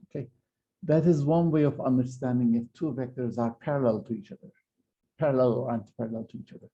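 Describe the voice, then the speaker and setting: A man's voice: medium pitch, quick pace, warm tone, muffled recording. A man giving a university physics lecture, explaining step by step with frequent fillers and restarts. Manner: hesitant, many fillers and restarts.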